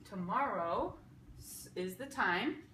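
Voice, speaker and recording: Speaking slowly in an animated, sharp-toned, medium-pitched voice, a woman gives a casual lesson on sign language grammar. She walks through it step by step at a whiteboard, often asking "okay?", while the room echoes and faint noise sits in the background.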